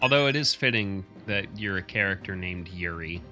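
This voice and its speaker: A man streaming a game with friends, bantering loudly with crude jokes. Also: low voice, animated, normal speed, faint music behind. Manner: loud, joking, crude banter. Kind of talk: casual chat.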